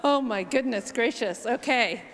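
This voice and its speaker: Kobieta z kanadyjskim akcentem, pogłos sali. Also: female voice, a little high, a bit bright. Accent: Canadian. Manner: thoughtful, measured, with frequent ums. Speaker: panellist. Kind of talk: conference panel answer. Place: large conference hall. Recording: long hall reverb.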